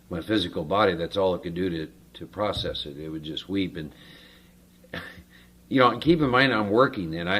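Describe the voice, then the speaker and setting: A man giving a personal recovery testimony at a meeting, speaking in a halting, reflective way with many pauses and fillers. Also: sits low, fairly bright tone.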